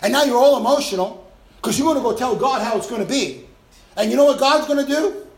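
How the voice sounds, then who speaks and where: High-voiced emphatic male preacher, echoey room. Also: animated, fast. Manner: emphatic preaching, sudden loud bursts and acted-out sounds. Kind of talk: sermon.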